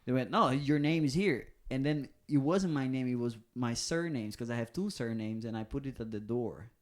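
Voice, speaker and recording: A Brazilian-accented comedian co-hosting a podcast tells stories in casual chat, animatedly acting out the voices of the people in them. His voice is mid-range and a little fast.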